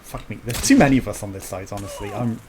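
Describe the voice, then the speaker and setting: A man's voice: lowish voice, fast, darkish tone. A young man giving casual, teasing commentary while streaming a game, swearing and laughing often.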